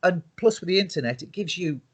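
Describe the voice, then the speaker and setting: A man's voice: high-pitched, animated, fast talker, husky. A man, a musician in a band, talking casually and keenly about his music in an interview.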